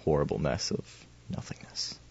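A man co-hosting a podcast in casual chat, quick and playful, laughing often. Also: a little mellow, dry recording, highs cut off. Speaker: podcast co-host.

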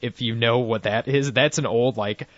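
A man's voice: medium pitch, steady tone, moderate pace, no room sound. A man chatting casually on a podcast, laughing often and rambling with restarts and fillers. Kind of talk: casual chat. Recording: dry, dull lo-fi sound.

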